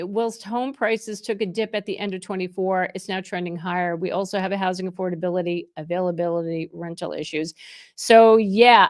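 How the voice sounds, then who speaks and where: A middle-aged woman hosts a casual live stream as a real estate agent, upbeat and chatty, greeting viewers by name. Her voice sits at an ordinary pitch for a woman. The sound is dry and close, with no room echo. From New Jersey.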